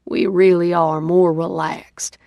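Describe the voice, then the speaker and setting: A woman's voice: lowish voice, little pitch movement, takes it slowly, creaky, no room sound, lo-fi sound. A woman doing a teasing, laid-back young man. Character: young man, teasing and easygoing best friend.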